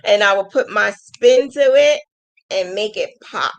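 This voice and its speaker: A woman's voice: mid-range voice, animated, unhurried, poor audio. A woman hosting a casual crochet livestream, thanking viewers emotionally and laughing often. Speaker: crochet channel host.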